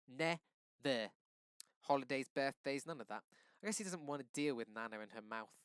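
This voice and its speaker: Expressive male teacher reading aloud. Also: medium pitch, moderate pace, smooth, no room sound.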